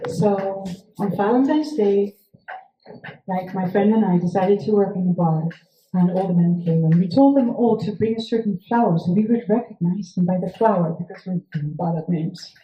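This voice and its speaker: A woman whose first language isn't English tells a wild personal story, casual and rambling, swearing freely and dropping fillers. Her mid-range voice is moderately paced, with lo-fi sound in an echoey room with faint noise.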